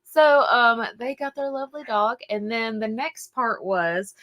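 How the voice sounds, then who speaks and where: A woman's voice: on the high side, unhurried, a bit bright. A woman with an Appalachian accent, co-hosting a podcast and telling a rambling story in casual chat, full of fillers and acted quotes. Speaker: podcast co-host.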